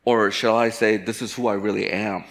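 A pastor from Chicago preaching a sermon, telling candid personal stories with self-deprecating humor. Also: male voice, on the low side, little pitch movement, moderate pace, vocal fry. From Chicago, USA.

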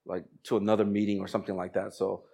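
A man preaching as a pastor, moving from slow, emphatic scripture reading into a chatty, laughing personal story. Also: lowish voice, vocal fry. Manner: conversational, animated storytelling with laughs and quoted voices.

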